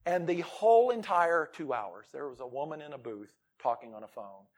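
A man preaching a sermon, rising to loud emphatic lines and dropping to near whispers. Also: fairly high pitch, animated, normal speed. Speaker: pastor.

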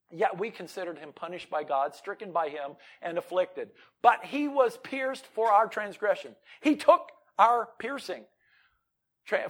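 A man preaching a sermon, rising to loud emphatic lines and dropping to near whispers. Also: fairly high pitch. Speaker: pastor.

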